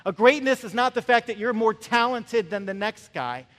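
A man preaching a sermon in a conversational way, acting out quick voices of the people in his stories. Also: high-pitched, a bit bright. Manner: conversational, acts out voices of characters. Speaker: pastor. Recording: long reverb of a large hall.

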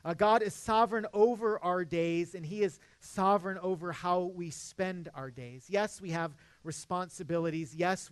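Pastor, man, 30s, high voice, earnest conversational sermon, dry close mic. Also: dry recording. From Midwest United States. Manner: earnest, conversational preaching with frequent restarts.

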